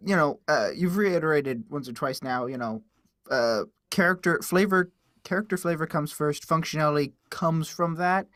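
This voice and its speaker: Slightly high man rambling thoughtfully. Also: a bit bright, no room sound, clean studio sound. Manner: rambling, hesitant, repeats himself. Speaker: player. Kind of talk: casual podcast chat.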